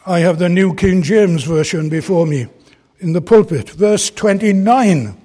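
A man's voice: high-pitched, a little slow, warm tone. A man preaching an expository sermon from a pulpit, earnest and emphatic as he explains a Bible passage. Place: church pulpit.

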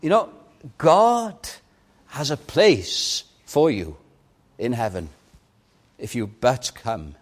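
An older man preaching a sermon with impassioned swings, rising loud on key points and dropping to a hush. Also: medium pitch, wildly swooping pitch, slow pace, pauses often.

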